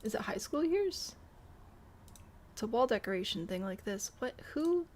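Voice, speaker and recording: A woman's voice: on the high side, sing-song, normal speed. Chatty woman with mild Midwestern accent. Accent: mild Midwestern American. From Michigan, US Midwest. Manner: chatty, thinks aloud and answers chat questions. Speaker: streamer. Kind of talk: casual live-stream chat while building in a game.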